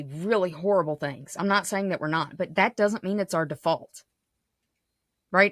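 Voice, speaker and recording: A woman's voice: low-pitched, fairly bright tone, no room sound, studio quality. A woman hosting a podcast, talking in a passionate, casual monologue that keeps checking in with "right?". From United States. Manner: passionate, frequent "right?" tags. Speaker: podcast host.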